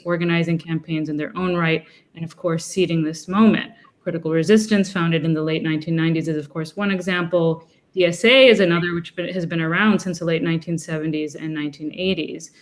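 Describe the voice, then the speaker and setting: Measured, articulate woman panelist. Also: on the low side. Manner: measured, articulate, academic phrasing. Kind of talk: panel discussion. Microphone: video call.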